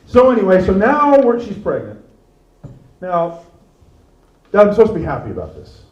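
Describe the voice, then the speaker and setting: A middle-aged man performing a stand-up comedy set, animated and teasing the crowd, on a stage microphone. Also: high voice, moderate pace, muffled recording. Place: comedy venue with live audience. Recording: echoey room, mic far off.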